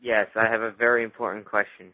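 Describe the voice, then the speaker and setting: A crude prank caller claiming to be Jesus, played by a man, with a lowish voice and a mock-solemn delivery. He comes through a thin, phone-like radio line with little low end. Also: little pitch movement, fast, lightly acted.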